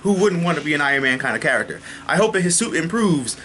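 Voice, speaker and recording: A man riffs through a casual TV episode review with a tense, forceful edge to his voice. He gets excitable, swears often and trips over his own restarts. His voice sits a touch higher than most men's. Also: slight background noise. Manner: excitable, swears freely, talks fast with restarts.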